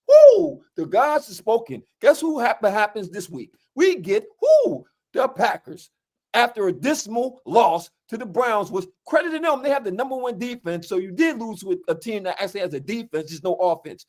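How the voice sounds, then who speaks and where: Exasperated male fan, higher voice, casual animated rant. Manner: animated, exasperated, repeats "okay". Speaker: football fan commentator.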